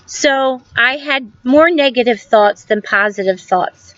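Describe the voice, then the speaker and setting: Fifty-something woman, gentle guidance lesson. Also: fairly high pitch, takes it slowly, hardly any pauses, dry recording, lo-fi sound. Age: 50s. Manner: gentle storytelling with many ums and reflective questions. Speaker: school guidance counselor. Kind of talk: recorded guidance lesson for students.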